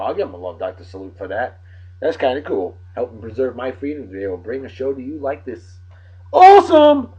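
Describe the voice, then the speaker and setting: A man from Massachusetts with a Massachusetts accent, hosting a casual solo show, rowdy and boastful, breaking into loud whoops. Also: mid-range voice, breathy edge, lo-fi sound. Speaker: host.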